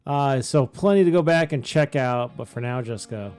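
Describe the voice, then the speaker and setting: A man's voice: medium pitch, moderate pace. A man cohosting a podcast, telling a family story in a casual chat and wrapping up the show.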